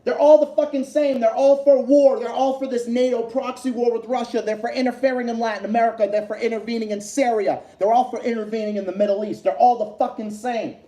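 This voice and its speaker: Male streamer, high voice with a dark, mellow tone, swears and repeats himself as he rants in an echoey room. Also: fairly even intonation, quick pace, hardly any pauses. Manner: profane, repetitive, heated ranting. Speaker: livestream host. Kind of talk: heated political rant on a livestream.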